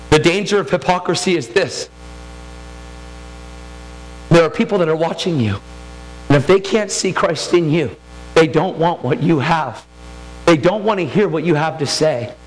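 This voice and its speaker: A man preaching, his voice sitting a little high as he tells a raw personal story. He builds with intensity, pushing close to a shout at the peaks. Soft music plays faintly behind him. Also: low-quality recording. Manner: emotional storytelling, rising to near-shouts. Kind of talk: sermon testimony.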